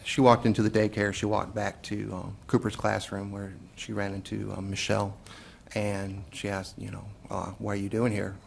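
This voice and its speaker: A man, a police investigator, giving courtroom testimony in a measured way, with frequent hesitant pauses. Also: fairly low pitch, completely flat delivery, gravelly, a little hiss or hum.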